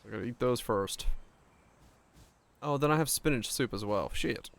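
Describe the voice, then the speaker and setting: A man's voice: mid-range voice, normal speed, vocal fry. A man streaming a game, chatting casually and rambling between jokes. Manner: rambling, joking, laughs often. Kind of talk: casual gameplay chat.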